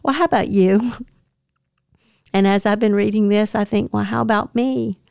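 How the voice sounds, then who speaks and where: Earnest woman with a gravelly voice. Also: medium pitch, fairly even intonation, moderate pace, no room sound, clean studio sound. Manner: earnest, tender, with soft laughs. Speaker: podcast host. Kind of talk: devotional podcast reflection.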